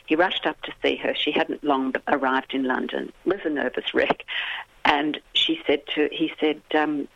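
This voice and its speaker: Gravelly woman on a muffled phone line. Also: low-pitched, normal speed, dry recording. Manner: animated storyteller who acts out quoted dialogue. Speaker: author guest. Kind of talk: radio interview, storytelling. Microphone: telephone.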